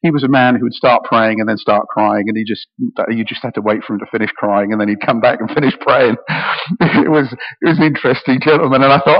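In an echoey hall with dull acoustics, a middle-aged Briton preaches a sermon a little fast in a mid-range voice. He is emotional and passionate, often repeating words as he goes.

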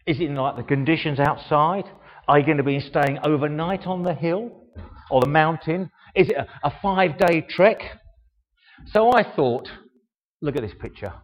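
A man's voice: on the high side, normal speed. An older man giving an informal show-and-tell talk, chatty and self-mocking, asking the audience rhetorical questions. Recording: echoey hall, dull sound.

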